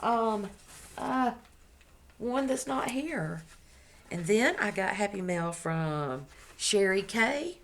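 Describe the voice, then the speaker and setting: A woman's voice: mid-range voice, expressive, takes it slowly, fairly bright tone. A woman crochet vlogger chatting casually to the camera at home, gushing as she shows off her gifts and correcting herself as she goes. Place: at home indoors.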